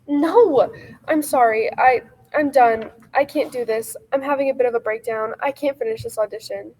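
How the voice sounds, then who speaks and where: A woman's voice: a little high, darkish tone, close to an everyday voice, poor audio. A woman playing a tired, overworked young actress who keeps tripping over her lines and apologizing, speaking over a video call from home. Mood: overwhelmed. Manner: flustered, apologetic, fast self-correcting. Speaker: actress auditioning for a courtroom role. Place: home room.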